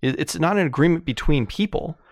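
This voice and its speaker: Man, podcast co-host, earnest explainer, mid-pitched voice, dry close sound. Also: animated, a little fast, no echo. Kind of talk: casual chat.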